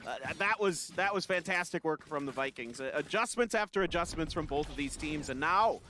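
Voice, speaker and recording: High, bright-voiced male esports caster. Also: a little fast, a little hiss or hum. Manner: energetic, praising plays. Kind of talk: play-by-play commentary.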